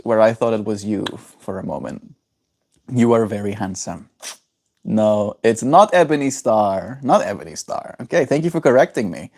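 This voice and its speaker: A man's voice: mid-range voice, darkish tone. A man from South Africa chatting casually on a livestream, rambling and answering chat messages aloud.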